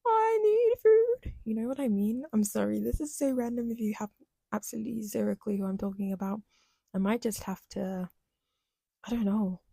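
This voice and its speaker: Young woman, podcast host, rambling and chatty, dark gravelly voice, dry close sound. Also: mid-range voice, no room sound. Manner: rambling, self-deprecating, chatty. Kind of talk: casual solo podcast monologue.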